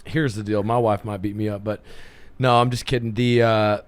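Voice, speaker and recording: A man's voice: fairly low pitch, little pitch movement, normal speed, clear, resonant tone. Casual man hosting a podcast. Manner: chimes in with reactions and swears casually. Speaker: podcast host. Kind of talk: casual interview chat.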